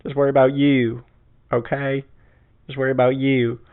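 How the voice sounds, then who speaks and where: A man voicing an exasperated woman with a Southern accent who loudly scolds a group of bickering men, on a tinny, phone-like recording. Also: mid-range voice, level tone, moderate pace, close to an everyday voice. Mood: scolding.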